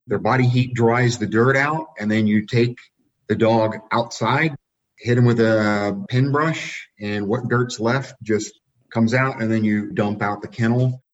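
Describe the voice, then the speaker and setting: A man who breeds and shows dogs, telling relaxed anecdotes with the odd laugh. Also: mid-range voice, measured pace, highs cut off. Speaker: dog breeder and show handler. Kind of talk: casual storytelling.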